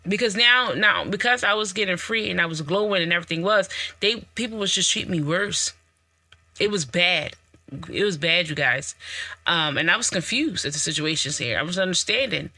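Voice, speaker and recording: Very bright-voiced woman sharing testimony. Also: lowish voice, moderate pace, no echo. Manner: animated, storytelling, acts out quoted dialogue; repetitive, conversational, addresses listeners directly. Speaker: podcast host. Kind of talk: personal testimony talk.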